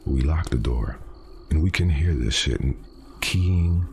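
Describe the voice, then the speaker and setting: A man hosting a podcast, reading a first-person horror story aloud in a casual, profane way with dramatic pauses. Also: a bass voice, animated, creaky, a little mellow, soft background music.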